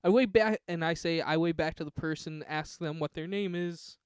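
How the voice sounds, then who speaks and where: A man's voice: on the high side, moderate pace, smooth, dry recording, studio quality. A man on a podcast, casually reading out a text adventure game and joking about it. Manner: reads game text aloud with laughing asides. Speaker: podcast co-host.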